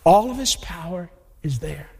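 Male preacher with a high voice, animated and conversational, recorded in a church with long reverb. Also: normal speed, creaky, slightly rough. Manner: conversational, repeats himself, animated storytelling. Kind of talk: sermon.

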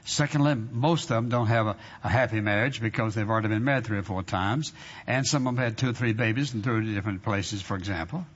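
A man's voice: lowish voice, fast, breathy edge. A man preaching a sermon as pastor, emphatic and conversational, repeating phrases and prompting the congregation for amens. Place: church sanctuary. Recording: dull reverberant hall recording.

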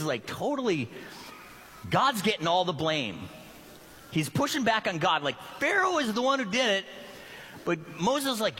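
A man's voice: high-pitched, sharp tone, husky. A man preaching a sermon who reads scripture and acts out the voices of biblical figures. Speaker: pastor. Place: church sanctuary. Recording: reverberant hall.

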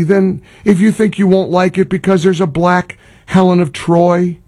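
A man's voice: high voice, darkish tone. A man hosting a talk radio show, ranting in an exasperated, opinionated monologue.

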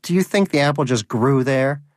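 A man's voice: medium pitch, moderate pace, no echo, clean studio sound, close to an everyday voice. A man voicing a pious, hungry, self-righteous male pet hamster in a storybook reading, with a preachy, indignant manner.

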